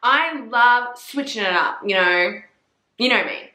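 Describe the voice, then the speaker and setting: A woman's voice: fairly high pitch, expressive, a little slow, sharp tone. Sweary, sassy young woman. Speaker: book reviewer. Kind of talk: casual chat. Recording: echoey room.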